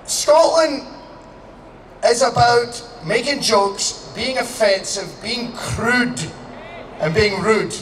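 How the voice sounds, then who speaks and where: A man from Canada giving a crude, joking outdoor rally speech, shouting to a crowd. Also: very high-pitched, slow pace. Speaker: public speaker. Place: outdoor public gathering. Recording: echoey and distant, faint background noise.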